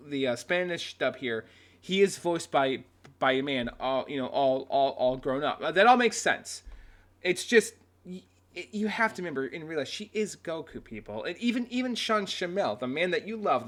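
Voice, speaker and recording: Guy ranting on his reaction vid, cussing a lot, voice a bit on the high side. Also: a bit bright. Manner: ranting, swears often, many restarts. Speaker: video host. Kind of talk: casual reaction commentary.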